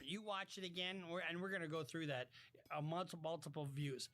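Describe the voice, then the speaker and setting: Reacting to viewer messages on a casual live stream, this man speaks fairly quickly in a somewhat high voice with a fairly bright tone. His delivery is blunt and full of curses, and he talks in fits, often dropping a sentence and beginning it over.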